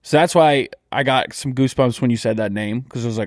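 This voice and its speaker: A man co-hosting a podcast in casual chat, throwing in playful deadpan jokes. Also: mid-range voice, fairly quick, dry recording, studio quality. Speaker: podcast co-host.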